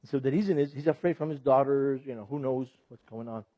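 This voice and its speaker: A middle-aged man, a ministry speaker teaching an audience in a sermon style. He talks in an animated way, laughs often and puts questions to the audience. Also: mid-range voice, a little fast, dry recording. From Lebanon. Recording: dull, dry lo-fi recording.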